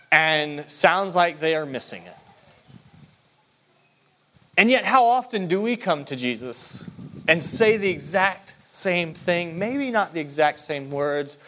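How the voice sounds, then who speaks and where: A man delivers a sermon in a conversational, animated way, and his voice sits high for a man. He reads scripture aloud and acts out the quoted lines. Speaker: preacher.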